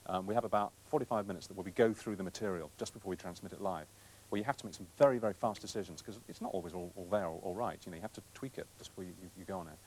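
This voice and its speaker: A middle-aged man, a TV presenter, telling self-deprecating anecdotes in an interview with quick asides. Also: deep voice, a little mellow, slightly rough, low-quality recording. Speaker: TV presenter recalling his career.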